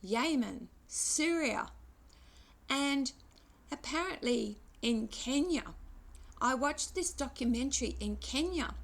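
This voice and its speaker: A woman in her sixties talking through memories in a personal vlog, reflective and wandering, pausing and restarting as she goes. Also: high voice, animated, creaky. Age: 60s. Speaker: vlogger.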